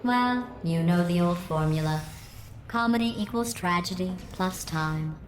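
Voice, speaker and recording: GLaDOS, a cold mocking AI. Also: female voice, lowish voice, measured pace. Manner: deadpan, mocking, coldly polite. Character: sarcastic, cruel female AI computer. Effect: synthetic robotic voice filter. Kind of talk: video game voice acting. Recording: echoey game audio with ambient hum.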